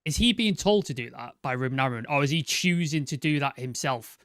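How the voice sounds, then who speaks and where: A man's voice: medium pitch, expressive, brisk, a bit bright, clean tone, no room sound, studio quality. A man, co-hosting a football fan podcast, asking questions in an exasperated, casual way. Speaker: podcast co-host.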